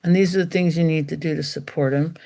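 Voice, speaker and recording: A woman dog behaviour expert talking as a podcast guest, animated and acting out quotes as she explains. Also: low voice, fast talker. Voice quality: animated, acts out quotes, gravelly. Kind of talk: podcast interview conversation.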